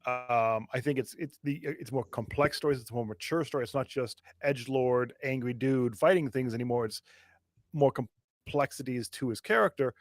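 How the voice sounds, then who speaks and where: A man's voice: medium pitch, normal speed, no echo. A man co-hosting a gaming podcast in casual chat, earnest and thinking aloud with restarts. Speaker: podcast co-host.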